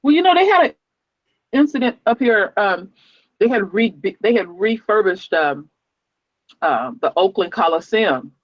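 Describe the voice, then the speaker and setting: Man, heated animated storytelling, muffled dry call audio. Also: high voice, measured pace, no echo. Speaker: construction worker, panel guest. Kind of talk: casual online discussion.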